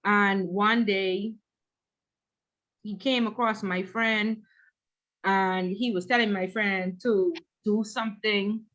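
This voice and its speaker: A woman instructor leading an online class, telling a workplace story in an animated way. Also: mid-range voice, takes it slowly, lo-fi sound. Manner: animated, acts out quoted voices.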